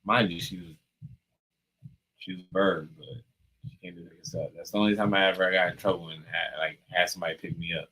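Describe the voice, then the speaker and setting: Bright-voiced man telling a story. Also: sits low, fairly quick, husky, low-quality recording. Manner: animated, profane, acts out dialogue. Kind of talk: casual storytelling chat.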